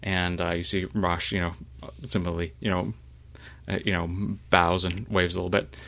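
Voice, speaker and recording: A man narrating a tabletop role-playing game as game master, halting, with frequent fillers. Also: low-pitched, flat delivery, a bit bright.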